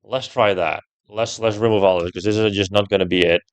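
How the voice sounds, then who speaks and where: A young man commenting while he plays a puzzle game, thinking out loud, swearing often and getting loudly frustrated. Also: fairly low pitch, steady tone, quick pace, clean tone. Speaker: gameplay streamer.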